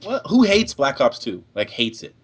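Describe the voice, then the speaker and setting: A man's voice: medium pitch, very animated, normal speed, a crowd in the background. A young man co-hosting a casual gaming podcast, teasing the others and passing questions around. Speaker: podcast co-host moderating questions.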